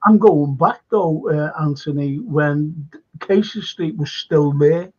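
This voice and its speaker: Older scouse bloke hosting a chat show, husky voice, dull lo-fi sound. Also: male voice, fairly high pitch, slow pace, darkish tone. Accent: Liverpool. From Liverpool, England. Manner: rambling anecdotes, laughs while telling stories. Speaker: radio show host. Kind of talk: casual chat.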